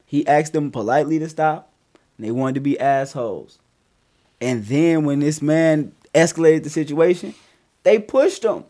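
A man casually telling a story on a podcast, profane and animated, with loud bursts as he acts it out. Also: fairly high pitch, moderate pace.

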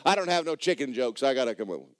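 A man preaching a sermon, emphatic and loud at times, dropping low for stories. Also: sing-song, very fast. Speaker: pastor.

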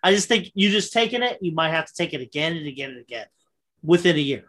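A woman co-hosts a loose, casual podcast conversation. She talks in an animated way, full of fillers and quick restarts. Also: deep voice, slight background noise. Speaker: podcast co-host. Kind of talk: casual chat.

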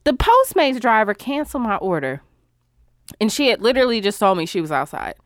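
A woman hosting a casual talk show, telling a story in an animated, exasperated, profane way. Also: on the high side, brisk, no echo, studio quality.

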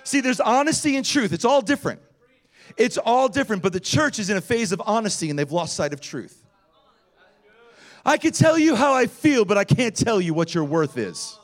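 A man preaching a sermon as pastor, telling personal stories in an animated way with self-deprecating humor. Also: sits high, moderate pace.

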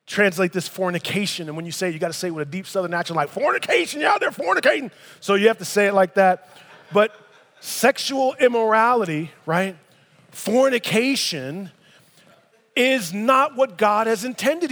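In a church sanctuary with long, large-hall reverb, a pastor in his thirties reads scripture during his sermon and drops in casual, emphatic asides. His voice is high-set and a bit bright.

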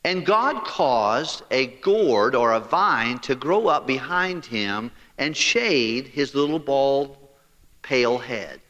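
Animated folksy man preaching in a hall. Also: medium pitch, slow pace, lo-fi sound. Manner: animated, acts out the dialogue of the story; folksy and joking. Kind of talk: storytelling sermon.

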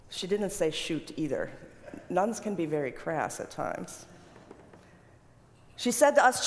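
A woman preaching through a story, with vivid, unhurried descriptions and phrases she repeats for effect, in a long reverberant hall. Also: lowish voice, very animated. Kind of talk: sermon storytelling.

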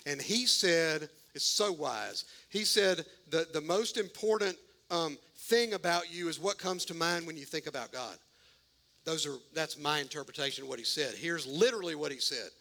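A man preaching a sermon, folksy and animated, acting out the voices of biblical figures. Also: fairly high pitch, normal speed, gravelly. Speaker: pastor.

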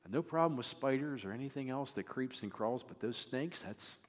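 A man's voice: mid-range voice, lively intonation, normal speed, in a large hall. A male pastor giving a sermon in a conversational, joking manner. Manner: conversational, jokes with the congregation.

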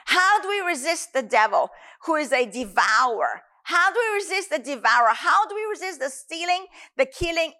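A woman's voice: sits high, pushed and bright. A woman preaching a sermon in an earnest, emphatic way.

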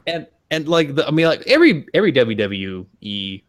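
A man's voice: fairly high pitch, very animated, brisk. A man co-hosting a podcast in casual chat, rambling with lots of fillers and restarts and swearing freely. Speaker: podcast co-host.

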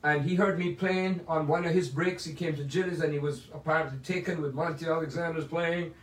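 A man's voice: a little high, steady tone, fairly quick. An older man from Jamaica with a Jamaican accent, telling rambling stories about his life as a jazz pianist, full of digressions and asides. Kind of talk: casual storytelling. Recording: roomy sound from a distant mic.

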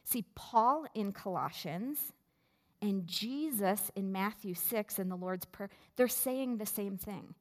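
A woman pastor preaching a sermon in a slow, measured way with deliberate pauses. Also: mid-range voice. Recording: long reverb of a large hall.

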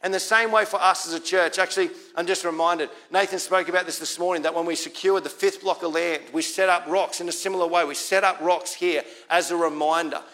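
High-voiced Australian pastor preaching. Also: male voice, fairly even intonation, a little fast, hardly any pauses, a bit bright. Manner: conversational, repeats key lines for emphasis. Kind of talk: sermon.

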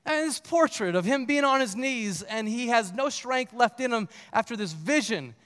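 A man's voice: very high voice, expressive, normal speed, fairly bright tone, in a large hall. A man preaching a sermon as pastor, reading scripture aloud with earnest emphasis.

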